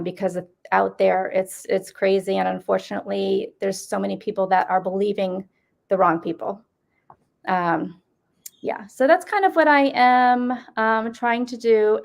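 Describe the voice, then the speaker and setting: A woman with an upstate New York accent blended with Boston speech co-hosts a casual chat. Her voice has a gravelly edge, and she talks loosely, with many fillers and restarts. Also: medium pitch. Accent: upstate New York with a Boston mix. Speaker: paranormal event organizer and co-host.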